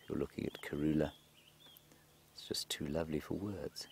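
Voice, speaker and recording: A man giving live safari commentary outdoors in the bush, chatting through viewer questions and dropping to a hushed, excited voice when animals appear. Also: extremely low pitch, moderate pace, creaky, a little hiss or hum. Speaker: safari guide presenter. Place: outdoors in a game vehicle in the bush.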